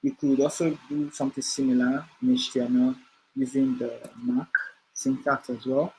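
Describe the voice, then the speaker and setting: A man's voice: mid-range voice, flat delivery, normal speed, mellow, a little hiss or hum, rough recording. Hesitant man teaching web coding. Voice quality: hesitant, many fillers and restarts while explaining. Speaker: coding instructor. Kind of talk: screen-share coding tutorial.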